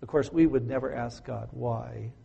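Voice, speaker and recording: Gravelly, mellow-voiced male preacher. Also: medium pitch, fairly even intonation, moderate pace, in a large hall, lo-fi sound. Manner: emphatic, rhetorical questions, dramatic scripture quoting. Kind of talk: sermon.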